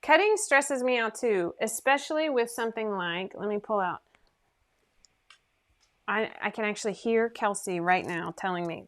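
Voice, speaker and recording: Woman host, mid-pitched, rambling and self-deprecating, live sewing chat over a computer mic at home. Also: normal speed, fairly bright tone. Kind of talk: casual livestream chat.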